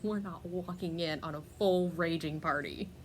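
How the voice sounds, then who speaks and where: Woman, podcast host, relaxed storyteller; lowish, slow delivery, chatty with frequent laughs and fillers. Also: slight background noise. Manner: chatty, laughs often, many fillers and restarts. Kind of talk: casual personal storytelling.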